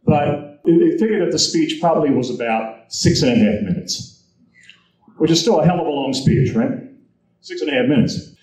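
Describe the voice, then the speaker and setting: Storytelling male presenter, lively quotes, roomy hall sound, audience recording. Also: on the high side, moderate pace. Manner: animated storyteller, acts out quotes. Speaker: guest speaker. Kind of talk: convention presentation, anecdotal storytelling. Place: convention hall. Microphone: handheld recorder in audience.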